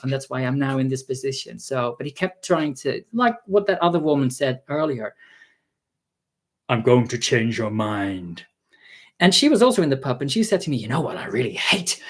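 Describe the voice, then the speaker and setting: A tired-sounding man vlogs a casual story, exasperated and sarcastic, acting out the people he quotes with sudden jumps in pitch.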